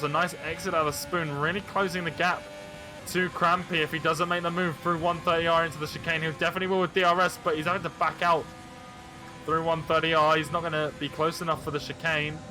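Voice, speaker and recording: A man giving color commentary on a sim-racing league race, breaking down moves and tyre strategy. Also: a little high. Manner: analytical, follows onboard cameras.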